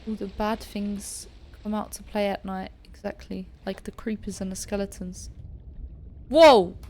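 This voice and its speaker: Streaming a scary game, this young woman chats through her let's-play, speaks to the creatures she meets, and screams when startled, jumpy throughout. Her mid-range, darkish voice has a completely flat delivery at a normal speed, with slight background noise present.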